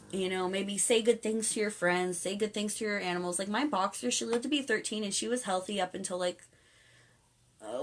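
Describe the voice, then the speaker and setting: A young woman hosting a casual spiritual live stream at home, chatting earnestly and reading viewers' comments aloud as she rambles along. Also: on the low side. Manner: earnest, coaxing encouragement. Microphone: phone or webcam on a live stream.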